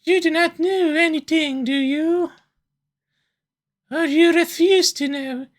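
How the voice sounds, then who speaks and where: A woman reading aloud as a proud, reproachful mermaid in a game, in a slow, measured way. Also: very high voice. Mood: stern.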